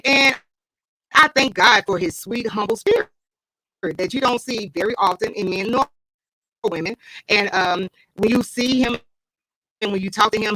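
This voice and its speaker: A woman's voice: mid-range voice, bright, forceful tone, dry recording, rough recording. A woman hosting a live online interview, effusive and chatty, laughing often, talking into a computer mic. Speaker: host. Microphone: computer mic, live stream.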